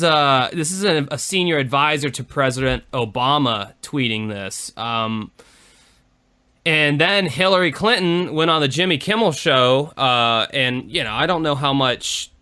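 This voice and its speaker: Bright, smooth-voiced man chatting. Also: medium pitch. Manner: rambling, many fillers. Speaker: podcast co-host. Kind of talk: casual chat.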